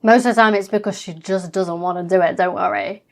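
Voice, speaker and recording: A woman's voice: fairly low pitch, brisk, slight background noise. Blunt woman reacting to TV. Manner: blunt, swearing, chatty commentary. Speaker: reaction vlogger. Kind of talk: reacting to a reality show.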